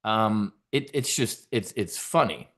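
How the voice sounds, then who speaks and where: A man's voice: lowish voice, animated, slow. Profane, combative man ranting. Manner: combative, sarcastic, swears a lot; loud bursts of emphasis. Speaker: host of a stock options trading show. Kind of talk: profane political rant.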